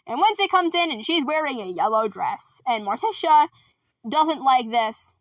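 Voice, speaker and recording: A woman chatting casually and quickly about her school musical, rambling and joking with lots of asides. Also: high voice, big pitch swings, a bit bright, no echo, far from the mic. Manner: fast, rambling, jokey with lots of "anyways". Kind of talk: casual chat.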